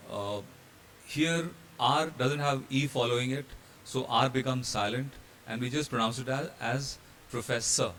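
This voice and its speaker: A mid-pitched man from India teaches step by step, spelling out letters and pausing on fillers as he moves through his slides. His steady voice sits over a faint background hiss. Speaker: hotel training instructor. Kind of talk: slide-based pronunciation lesson.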